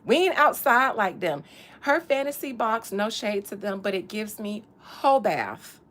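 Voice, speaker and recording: A woman's voice: mid-range voice, lively intonation, a little slow, fairly bright tone. A woman hosting a podcast, chatting in a casual, profane, comedic way and laughing often. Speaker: podcast host.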